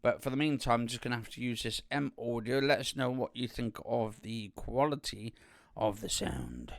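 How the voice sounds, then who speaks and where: A man's voice: mid-range voice, lively intonation, moderate pace, gravelly, no room sound. A man vlogging to camera in a casual, rambling way, full of ums and restarts, into a studio condenser mic. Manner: rambling with frequent fillers and restarts. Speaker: youtuber. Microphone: studio condenser microphone.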